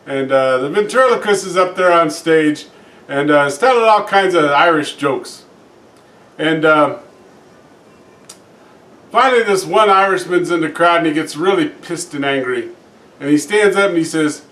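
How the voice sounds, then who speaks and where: A man's voice: lively intonation, normal speed, pauses often, fairly bright tone. Joke-telling man, casual, filler-heavy, echoey room, distant mic. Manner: folksy, frequent "uh" fillers, acts out characters with raised pitch. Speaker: joke teller. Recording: roomy echo, distant from mic.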